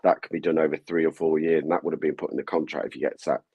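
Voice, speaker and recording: A man's voice: rumbling low, flat delivery, racing, slightly rough, no echo, muffled recording. A man, a guest fan joining by video call, talking football in a blunt, matey way. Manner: blunt, matey, says "mate" often. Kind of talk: casual football chat.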